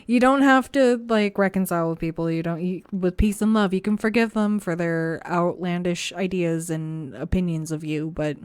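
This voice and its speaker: A woman's voice: on the low side, moderate pace, few pauses, darkish tone, smooth, dry recording, studio quality. A woman giving a casual, encouraging tarot reading to camera, chatty and reassuring, with frequent fillers. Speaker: tarot reader.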